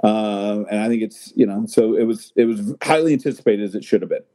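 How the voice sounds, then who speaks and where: Mellow man chatting loosely. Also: on the low side, a little fast. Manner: rambling, many fillers and restarts. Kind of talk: casual chat.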